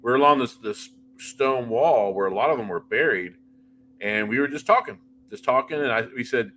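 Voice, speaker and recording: Bright-voiced man telling ghost stories. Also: medium pitch, a little fast, slight background noise. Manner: animated anecdotal storytelling with restarts. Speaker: paranormal investigator guest. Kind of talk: casual interview chat.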